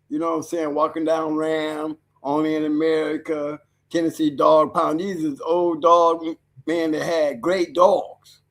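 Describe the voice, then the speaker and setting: Higher-voiced man explaining emphatically. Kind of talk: casual talk show chat.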